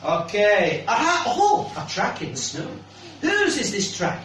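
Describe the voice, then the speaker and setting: Man reading a children's story aloud, hugely swooping pitch, slow and drawn out, echoey room. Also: very noisy. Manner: animated, questioning the listening child. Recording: echoey room, mic far off.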